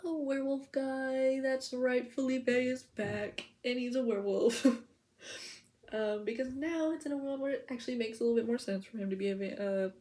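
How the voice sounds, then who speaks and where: A woman's voice: high-pitched, fairly even intonation, normal speed, a little mellow. A woman vlogger chatting casually to the camera, rambling and giggly, full of "like" and "okay?" as she info-dumps. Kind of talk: casual POV chat to camera.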